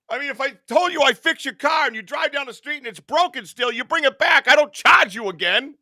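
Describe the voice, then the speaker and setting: A man's voice: high-pitched, sing-song, brisk, hardly any pauses, bright, forceful tone, no echo, clean studio sound. A man hosting a live podcast, chatting casually in a rambling way, swearing and laughing at his own stories. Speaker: podcast host. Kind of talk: casual live-stream chat.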